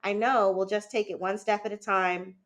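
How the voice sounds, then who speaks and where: A woman reading the part of a weary father on a grim survival journey, speaking in short, low, reassuring lines. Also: steady tone, moderate pace, natural voice.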